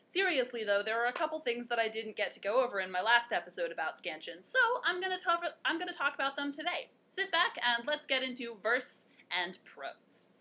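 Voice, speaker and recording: A woman's voice: on the high side, big pitch swings, brisk, few pauses, sharp tone. A young woman hosting a one-take video lesson, chatty and playful, joking at her own puns. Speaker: host.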